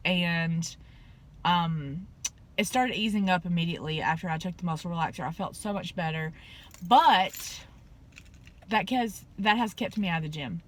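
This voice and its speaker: A young woman, telling a story in a casual vlog and acting out the people in it, with plenty of fillers. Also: fairly low pitch. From Southern US. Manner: animated, acts out quoted dialogue, chatty with fillers. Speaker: vlogger.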